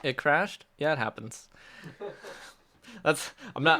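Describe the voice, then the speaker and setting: A man's voice: fairly high pitch, lively intonation, extremely slow, pauses often, bright, forceful tone. A man hosting a casual livestream Q&A, reading out chat questions and answering them in an upbeat, chatty way with frequent laughs and restarts. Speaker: app developer hosting a release livestream.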